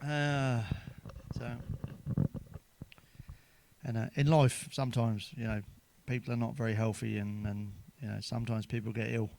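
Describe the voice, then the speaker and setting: A man's voice: mid-range voice, flat delivery, measured pace, vocal fry, pauses often, darkish tone, slight background noise. A man telling crude stand-up jokes in a chatty, swearing manner, ending with tag questions. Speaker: stand-up comedian.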